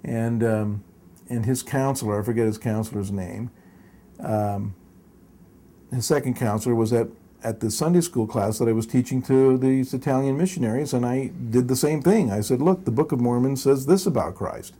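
An older man recounting memories at length, his voice husky and mellow with a soft, breathy edge. He wanders and corrects himself mid-sentence, with little chuckles woven through the telling. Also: medium pitch, moderate pace. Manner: rambling, self-correcting, chuckles while telling stories. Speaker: interview guest. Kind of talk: storytelling in a long interview.

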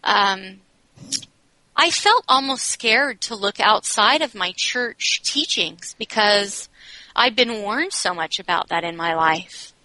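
A woman's voice: medium pitch, lively intonation, takes it slowly, pushed and bright, no echo, rough recording. A woman speaking as an interview guest, telling a personal story in a candid, reflective way and often saying "you know.".

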